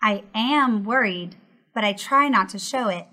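A woman doing a bright-voiced dialogue student. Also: medium pitch, unhurried. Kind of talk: textbook audio dialogue.

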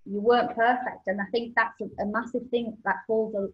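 A woman hosting a casual interview, reflecting on what her guest said and agreeing in quick remarks. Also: a little high, little pitch movement, muffled recording. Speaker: host.

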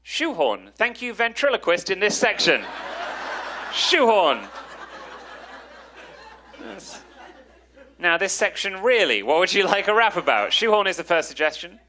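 A man's voice: sits high, sing-song, a little slow, long pauses, sharp tone, a little hiss or hum. A young English man doing stand-up crowd work, teasing and self-mocking, then freestyle rapping on a club stage. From England. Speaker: stand-up comedian. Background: music under the rap.

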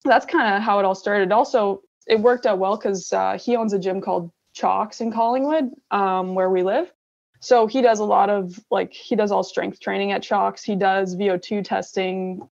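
Casting note: young female athlete, gravelly fry, relaxed and chatty, dull lo-fi recording. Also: medium pitch, normal speed. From Canada. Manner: relaxed, many fillers like "like" and "you know". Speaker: interview guest, gravel cyclist. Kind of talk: casual interview chat. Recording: dull lo-fi sound.

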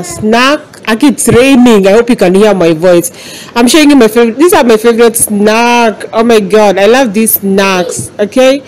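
A woman's voice: medium pitch, a little mellow. A young woman with a Kenyan accent, chatting casually to camera as a stay-at-home mom vlogger, addressing her viewers as "guys".

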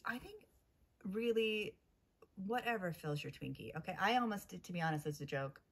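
A woman's voice: medium pitch, animated, normal speed. An American woman co-hosting a casual chat, playful, laid-back and teasingly contrary. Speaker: podcast co-host.

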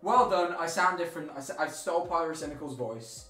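A man's voice: on the high side, fairly quick, bright, forceful tone, reverberant, soft background music. A young man with a Birmingham-tinged English accent, chatting and joking on a live stream. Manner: joking, self-mocking. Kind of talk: casual live-stream chat.

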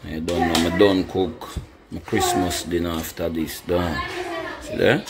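A man's voice: low voice, steady tone, measured pace, background noise. A man demonstrating home cooking, chatting to his viewers and calling them "my people" throughout. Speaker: cooking vlogger. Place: home kitchen.

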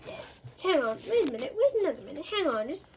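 A woman reading a storybook aloud and voicing a goofy, excitable cartoonist man. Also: high voice, fast, a little hiss or hum. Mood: flustered.

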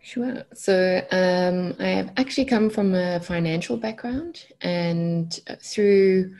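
A woman with a South African accent speaks as a podcast guest, gentle and easy, with soft laughs. Her voice sits a little low. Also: slow pace. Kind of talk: casual podcast interview.

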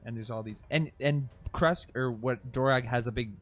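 A man's voice: medium pitch, normal speed. A man playing a tabletop game, reacting wryly and joking about his character's fate. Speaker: player. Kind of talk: casual tabletop game play.

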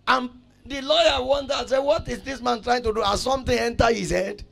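A man preaching outdoors, telling a story and repeating phrases, going from loud to soft. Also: extremely high pitch, fairly quick, vocal fry. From Nigeria. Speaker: pastor. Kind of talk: street sermon with storytelling. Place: outdoors on a street.

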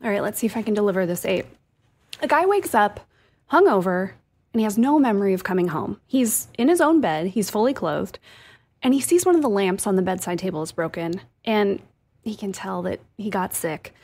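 A woman's voice: mid-range voice, lively intonation, a little fast, darkish tone. Upbeat woman co-host explaining. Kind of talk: casual radio show chat.

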